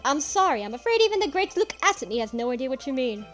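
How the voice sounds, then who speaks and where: A woman's voice: high voice, very animated, fast, faint music behind. A woman voicing a pompous, condescending male detective in a courtroom game who talks in flowery phrases. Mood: smug.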